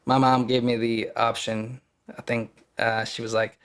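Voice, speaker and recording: A young man from Wisconsin speaks as a podcast guest, at a middling pitch for a man. His talk is candid and rambling, full of restarts. He acts out scenes from his own past in quoted lines. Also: flat delivery, brisk. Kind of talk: casual storytelling conversation.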